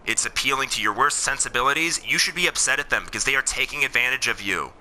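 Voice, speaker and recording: Playing a game, this man, a political commentator, fires off angry, swear-filled remarks straight at his audience. He speaks quickly and expressively at a medium pitch, with a pushed, bright tone over a little hiss or hum.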